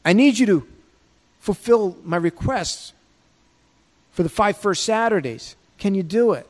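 A man's voice: high voice, lively intonation, unhurried. A man voicing the heavenly mother as she pleads for helpers, in a plain conversational way, heard in a long-reverb hall. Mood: asking.

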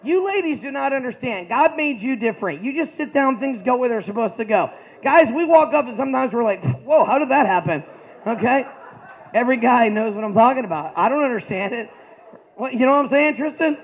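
A man speaking to a school audience, telling a personal story with jokes, moving between loud punchlines and quieter stretches. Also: very high voice, lively intonation, a little fast, a little hiss or hum. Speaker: motivational speaker. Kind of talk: storytelling talk to students. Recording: tinny phone-like audio.

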